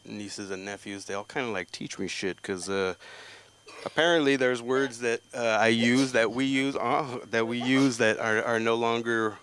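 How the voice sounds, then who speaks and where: A middle-aged man doing a stand-up set at a comedy open mic, telling stories and jumping into high voices for other people. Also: fairly even intonation, normal speed, fairly bright tone, a little hiss or hum. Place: comedy club stage.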